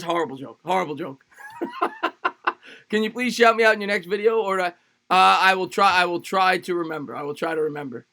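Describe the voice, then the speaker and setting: A livestream sports host with a high, bright, forceful voice calls a football game live, firing off rapid play-by-play in short bursts. Between downs he greets chatters by name, reads chat, and jokes around loosely, repeating phrases.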